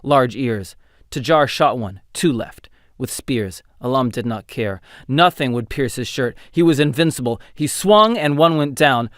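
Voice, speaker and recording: A man narrating a fantasy audiobook in an expressive, dramatic storytelling style. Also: mid-range voice, a little slow, dry recording, clean studio sound. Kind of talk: scripted narration.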